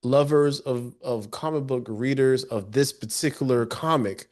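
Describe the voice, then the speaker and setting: Chill guy on a podcast, candid, slangy, mid-pitched voice. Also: a little slow. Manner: relaxed, candid, slangy asides. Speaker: podcast co-host. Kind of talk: casual TV recap chat.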